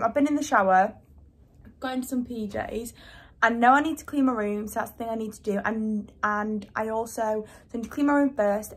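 A woman's voice: on the high side, echoey room. A young woman vlogging in a casual, chatty way, a bit dramatic, talking to camera in her bedroom.

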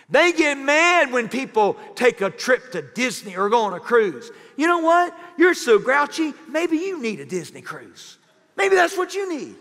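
Male pastor, high bright voice, playful sermon delivery, long reverb of a church hall. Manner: animated, jokey preaching with sudden loud bursts. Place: church sanctuary.

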